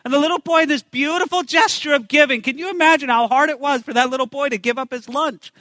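A man's voice: very high-pitched, fast talker, bright, forceful tone, no room sound. A man preaching a sermon as pastor, emphatic, repeating phrases and asking rhetorical questions.

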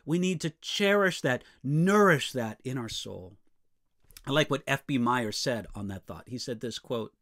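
A man preaching an expository sermon, reading scripture aloud with strong emphasis and dropping to soft, low asides in between. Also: measured pace. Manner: expressive, rises high when reading scripture, drops low and soft on asides.

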